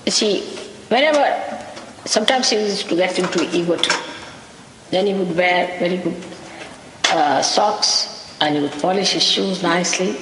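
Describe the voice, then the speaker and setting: A woman's voice: lowish voice, fairly bright tone. A woman gives a spiritual talk in a wry, storytelling way, chuckling now and then. Her voice rings around a large hall with a long tail of reverb. A faint hiss runs under the old tape. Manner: anecdotal, wry, with small laughs. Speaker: spiritual teacher. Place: lecture hall in London.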